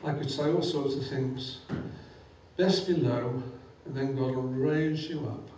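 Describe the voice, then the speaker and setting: A man's voice: medium pitch, steady tone, unhurried, warm tone, a little hiss or hum. Fervent preacher man in an echoey church. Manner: fervent, quotes scripture with rising emphasis. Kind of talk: sermon. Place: church hall. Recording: echoey church hall, mic at a distance.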